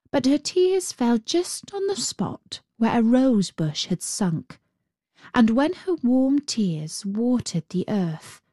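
A woman reading a fairy tale aloud in a gentle, unhurried and expressive way. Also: a little high, no room sound, studio quality. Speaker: storyteller.

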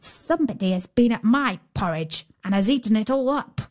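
A woman voicing a tiny young male bear cub in a small, high storybook voice. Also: expressive, moderate pace, a little mellow, lightly acted. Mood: plaintive.

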